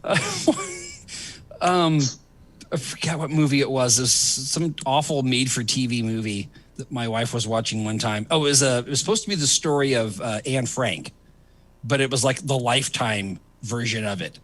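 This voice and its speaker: A man's voice: mid-range voice, normal speed, fairly bright tone. A middle-aged man hosting a casual comedy chat, rambling with fillers and laughing often. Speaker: host.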